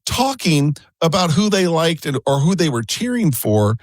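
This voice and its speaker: A man's voice: a little high, sing-song, normal speed, dry recording. A man co-hosting a talk show, telling chatty, rambling anecdotes full of asides. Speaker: co-host. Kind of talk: casual talk-show storytelling.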